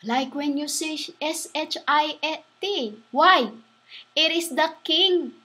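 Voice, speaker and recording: High, bright-voiced woman preaching slowly. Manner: halting, restarts, spells words out letter by letter. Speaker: self-styled preacher. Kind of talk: rambling religious monologue.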